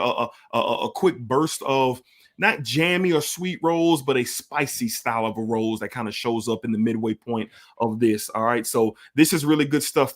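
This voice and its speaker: A man giving a casual fragrance review, enthusiastic and emphatic, repeating his points for effect. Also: mid-range voice.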